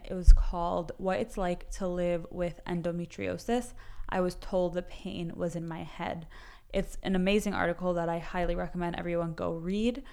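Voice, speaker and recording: A woman's voice: lowish voice, a little mellow, smooth. A woman podcast host who introduces her questions and backs up her guest with short affirmations. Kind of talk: interviewing, reading prepared questions.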